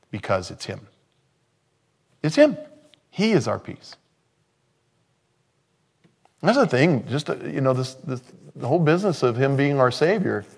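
A male pastor delivering a sermon, moving from quiet scripture reading to loud, emphatic preaching. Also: fairly low pitch, vocal fry.

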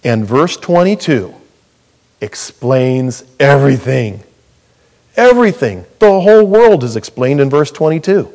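A middle-aged man preaching a sermon as pastor, animated and jokey, with sudden loud high bursts. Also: measured pace.

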